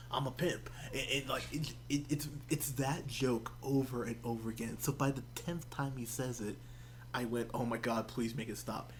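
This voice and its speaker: A man co-hosting a movie review podcast, telling stories in an animated way and laughing as he talks. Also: medium pitch, slight background noise. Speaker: podcast co-host. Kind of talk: casual movie review chat.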